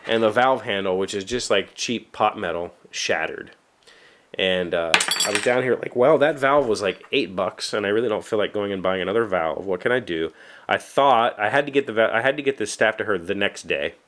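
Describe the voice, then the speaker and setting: West Virginian man, lowish voice, rambling workshop vlogger, self-deprecating. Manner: rambling, self-deprecating, with frequent fillers and restarts. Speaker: vlogger, show host. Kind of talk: casual solo chat. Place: home workshop.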